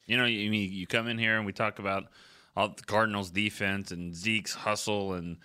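A man's voice: lowish voice, fairly even intonation, moderate pace, pushed and bright, clean tone. A man co-hosting a casual sports talk show, reflective and rambling with restarts. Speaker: sports writer co-host.

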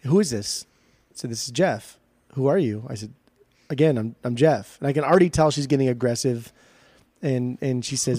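A man co-hosting a podcast, telling a swearing, animated story in casual chat. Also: medium pitch, a little fast, no room sound. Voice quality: profane, animated storytelling with quoted dialogue. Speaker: podcast co-host and record show organizer.

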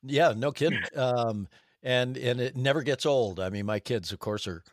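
A man's voice: medium pitch, normal speed, no room sound, studio quality. An older man talking as a guest in a casual interview, reflective and conversational. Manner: conversational, reflective about family. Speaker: voice actor guest.

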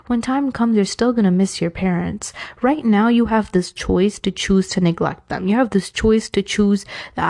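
A woman's voice: medium pitch, normal speed, dark tone. A woman from New York with a New York accent, giving casual, frank Islamic advice and wandering into self-aware, joking asides. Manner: chatty, frank, digresses with self-aware humor. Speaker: advice speaker.

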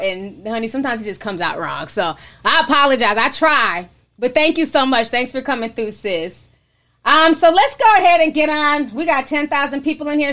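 A woman's voice: high-pitched, a bit bright. A young woman hosting a casual livestream, reading viewer messages aloud and chatting frankly with some profanity. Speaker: livestream host.

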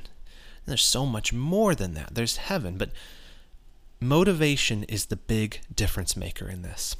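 Man explaining a bible passage casually, earnest, mid pitch, trips over words then pushes points hard. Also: a bit bright. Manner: earnest, restarts often, with bursts of emphasis. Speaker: podcast host.

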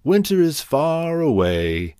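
A carefree grasshopper, voiced by a man reading a storybook, coaxing in a raised, singsong voice. He drawls slowly, his pitch swinging widely. The sound is close and dry. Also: sing-song, dark tone, smooth, no echo. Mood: teasing. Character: carefree male grasshopper, playful and lazy.

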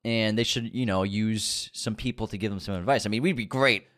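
A man's voice: on the low side, brisk, fairly bright tone. A man, co-hosting a casual movie news podcast, joking and laughing often. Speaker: podcast co-host.

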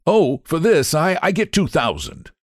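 A man voicing a flamboyant male painter who speaks in loud, exclamatory bursts. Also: a little high, wildly swooping pitch, unhurried, dry recording, studio quality, pitched above the performer's own voice, heavily acted. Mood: brusque. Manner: exclamatory, grandly teasing.

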